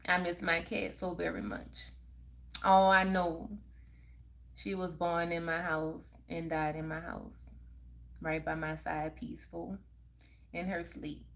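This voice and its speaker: Unhurried chatty woman livestreaming. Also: on the low side. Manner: chatty, laughs often, drawn-out unhurried delivery. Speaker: livestream host. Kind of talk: casual live chat, reading viewer comments aloud.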